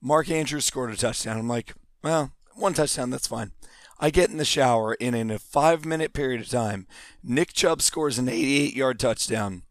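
A man's voice: mid-range voice, moderate pace, no echo. Man, casual podcast co-host, dry teasing delivery, close dead-sounding mic. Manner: sarcastic, teasing. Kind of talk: casual chat.

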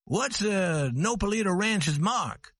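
A man's voice: high-pitched, expressive, slow pace, fairly bright tone, no room sound, pitched above the performer's own voice, exaggerated voice. A man doing a shrewd old ranch owner. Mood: curious.

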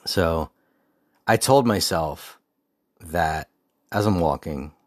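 A man's voice: low-pitched, slow pace, no echo, clean studio sound. A young adult man hosting a podcast, telling a personal story in a rambling, casual way with restarts and asides, and reflecting on his faith. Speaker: podcast host.

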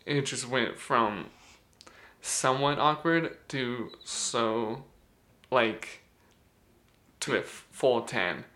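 A man's voice: medium pitch, drawn-out words, long pauses, pushed and bright. A young man casually telling a rambling story with lots of fillers, laughing as he goes.

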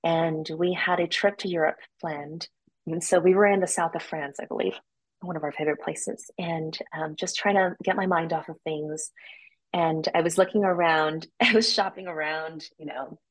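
Lower-voiced woman telling a personal story. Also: normal speed, poor audio. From United States. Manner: animated, acts out quoted voices with sudden jumps in pitch. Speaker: podcast guest. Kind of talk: casual interview storytelling.

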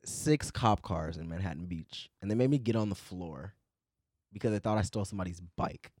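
A man in casual chat who tells stories in an animated way and swears a lot. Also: sits low, brisk, breathy edge, dry recording, studio quality.

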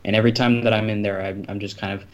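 A man co-hosting a casual podcast, easygoing and halting, often repeating words. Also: on the low side, level tone. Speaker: podcast co-host.

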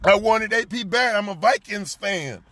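A man telling a story in casual chat, animated and profane, laughing often and repeating lines for emphasis. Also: sits high, normal speed, dry recording.

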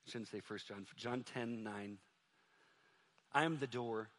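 A male pastor preaching a sermon in a church, moving between loud, fervent stretches and soft, quiet appeals to the congregation. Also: fairly low pitch, fairly even intonation, normal speed. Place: church sanctuary.

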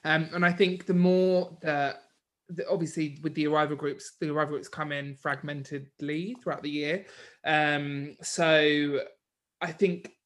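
A young British man with a slightly high voice hosts a relaxed conversation. He encourages his guest and asks easy, open questions. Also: unhurried. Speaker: host. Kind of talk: casual interview chat.

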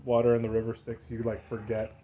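A man's voice: medium pitch, monotone, fast talker, highs cut off. A young man co-hosting a casual podcast chat, easygoing, laughing often and swearing now and then. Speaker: podcast co-host.

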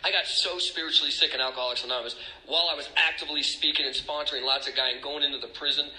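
A man's voice: a little high, fairly even intonation, rapid-fire, sharp tone, reverberant, low-quality recording. A middle-aged man speaking as a recovery speaker, emotional and confessional, rambling with restarts. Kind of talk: personal testimony talk.

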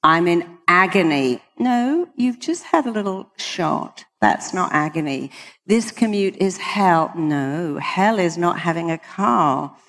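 A woman's voice: fairly low pitch, lively intonation, slow pace, fairly bright tone, in a large hall. A British woman, a hypnotherapist, giving an emphatic motivational talk to an audience and quoting people in acted voices. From Britain. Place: large hall with an audience.

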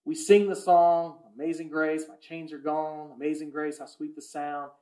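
A man preaching a sermon as pastor, swinging between hushed, intimate lines and loud, impassioned ones. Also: on the high side, little pitch movement, normal speed, reverberant. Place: church sanctuary.

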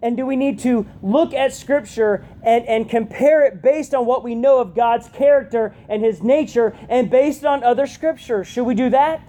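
A woman giving a conversational youth sermon, often checking in with her listeners with a quick "right?". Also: on the high side, mellow. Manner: chatty, keeps asking "right?". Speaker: youth pastor.

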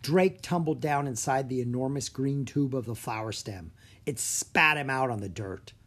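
A narrator reading a children's audiobook with expressive storytelling. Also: mid-range voice, normal speed.

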